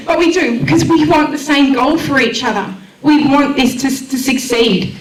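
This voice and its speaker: An Australian woman speaking to a community event crowd, heartfelt and enthusiastic as she pitches her volunteer radio station. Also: expressive, moderate pace, few pauses, a little hiss or hum. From Western Australia. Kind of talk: emotional public speech at a launch event. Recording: echoey room, voice far from the mic.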